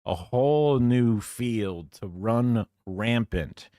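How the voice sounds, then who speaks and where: A man's voice: medium pitch, animated, drawn-out words, warm tone, dry recording, clean studio sound. A man hosting a livestream, talking casually in a rambling, offhand way. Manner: rambling, offhand, with filler words. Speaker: livestream host reacting to a video. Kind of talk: casual chat.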